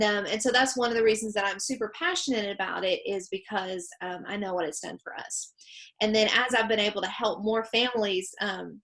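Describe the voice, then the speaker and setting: A woman's voice: medium pitch, fairly bright tone. A woman co-hosting a webinar from home over a video call, upbeat and chatty, with frequent ums and laughs. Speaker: webinar co-host. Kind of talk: casual presentation.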